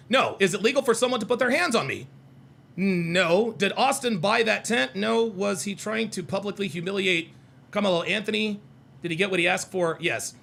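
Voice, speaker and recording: Answering chat on his call-in livestream, a young man argues back in a mocking, confrontational way and keeps restating his points. He speaks in a high, creaky voice with a fairly bright tone.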